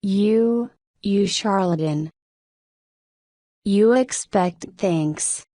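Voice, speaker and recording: A woman reading an outraged pompous gentleman. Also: mid-range voice, drawn-out words, dry recording, studio quality. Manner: indignant, shouting. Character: enraged pompous middle-aged male client.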